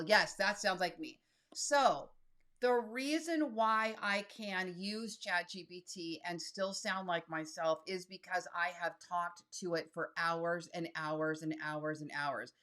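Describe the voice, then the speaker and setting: A woman's voice: on the low side, unhurried, pushed and bright. A woman in her fifties talking casually and directly through a tutorial, reading text aloud as she types. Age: 50s. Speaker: solo creator and YouTube host. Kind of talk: casual screen-share tutorial.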